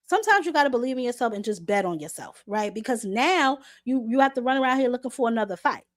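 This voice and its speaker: A high-voiced woman hosts a live boxing stream with a blunt, sassy bite. Her throat is sore and her voice is wearing thin. The sound is dry and close, with no room around it. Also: animated, fast, no room sound. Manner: blunt, sassy, talks back to chat. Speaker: boxing show host.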